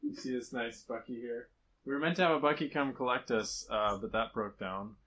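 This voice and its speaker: A man's voice: mid-range voice, a little fast, poor audio. A man giving a casual slideshow talk to a church group about a mission trip, telling stories with lots of laughter. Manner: storytelling, animated, laughs often.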